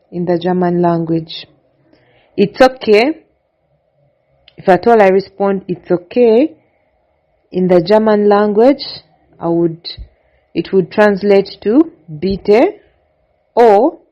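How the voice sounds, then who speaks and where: A woman giving a slow, deliberate language lesson, stating each phrase and then its translation in a steady, patterned way. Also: medium pitch. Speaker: language teacher. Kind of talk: slow instructional narration. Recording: dull lo-fi recording.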